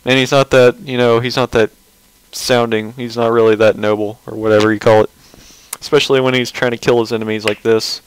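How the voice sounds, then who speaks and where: A man's voice: medium pitch, flat delivery, fairly quick, slight background noise, rough recording. A man giving casual, rambling commentary on a webcomic page, mocking and sarcastic, often restarting his sentences.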